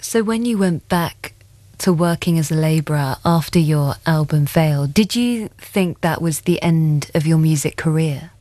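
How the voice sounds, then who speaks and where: A woman with a lowish voice narrates in a measured, scripted way and asks clear interview questions. Her voice is recorded dry and close. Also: warm tone, dry recording. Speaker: host and narrator.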